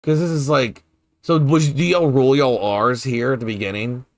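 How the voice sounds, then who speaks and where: Halting, curious male streamer, dry sound. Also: medium pitch, steady tone, darkish tone, dry recording. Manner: hesitant, repeats words while puzzling over pronunciation; curious and playful. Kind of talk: casual chat with viewers while gaming.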